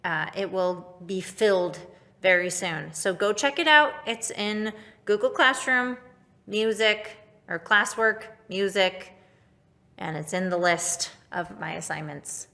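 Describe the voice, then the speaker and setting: Woman music teacher, crisp bright tone, average pitch, upbeat and instructive with kids. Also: slow. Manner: upbeat, instructive, speaks directly to pupils. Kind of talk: online recorder lesson for children.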